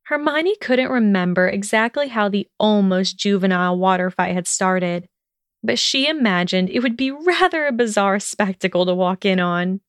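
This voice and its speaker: A woman narrating a fan fiction story in a steady, even storytelling manner. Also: mid-range voice, normal speed, clear, resonant tone, no echo, studio quality.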